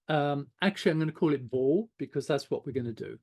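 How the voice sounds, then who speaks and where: A man's voice: medium pitch, brisk, darkish tone. An older man giving an informal online animation class, chatting loosely while he draws and thinks aloud. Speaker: animation teacher.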